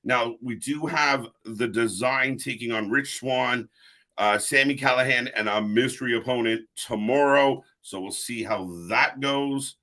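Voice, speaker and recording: An upbeat man hosts a live wrestling stream and chats easily with his viewers. His voice is bright and forward at a middling pitch, and he talks casually into a desk mic, calling out chatters by name. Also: unhurried. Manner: upbeat, greets chatters by name, reads chat aloud. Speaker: host of a live wrestling watch-along stream.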